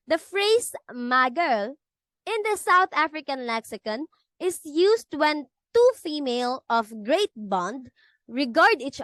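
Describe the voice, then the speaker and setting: A woman's voice: sits high, fairly bright tone, no room sound. A woman reading a class lecture presentation from a script, stumbling now and then and restarting her sentences. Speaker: student presenter.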